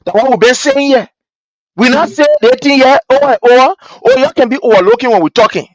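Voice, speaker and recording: A man with a Liberian English accent hosting a political commentary show, talking in an animated, repetitive way and mimicking the people he quotes. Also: very high-pitched, fairly quick, dry recording, lo-fi sound.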